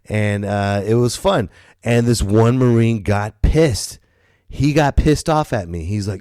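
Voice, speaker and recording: A man, a stand-up comedian, hosting his podcast in a casual monologue, rambling and animated, swearing and stumbling over his words. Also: on the low side, measured pace, clear, resonant tone, no room sound, clean studio sound.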